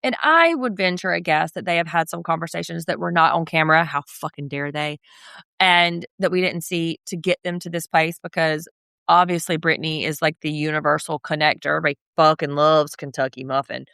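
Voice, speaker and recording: Chatty woman podcast co-host, smooth low voice. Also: fairly quick, bright, forceful tone, no echo. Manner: chatty, swears casually, acts out quotes. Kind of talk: casual recap chat.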